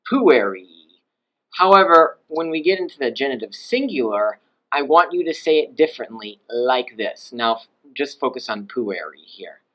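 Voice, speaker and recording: Man, language teacher, recorded slide lecture, patient explaining, voices example phrases with rising and falling pitch, middle pitch. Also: animated, moderate pace, pushed and bright, low-quality recording.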